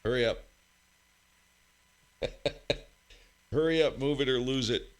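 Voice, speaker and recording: A man's voice: mid-range voice, slow pace. A man hosting a ham radio live stream from his home radio room, chatting in a rambling, joking way and calling out stations. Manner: rambling, joking, self-mocking. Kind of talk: casual live stream chat and radio contest calls.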